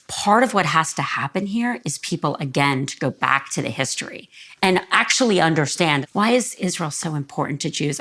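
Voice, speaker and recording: A woman's voice: deep voice, fairly bright tone. A woman in her fifties talks earnestly in a living room interview, close to tears. Her voice rises as the feeling builds. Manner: earnest, voice rises when emotional. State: near tears. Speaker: guest. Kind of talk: emotional interview conversation.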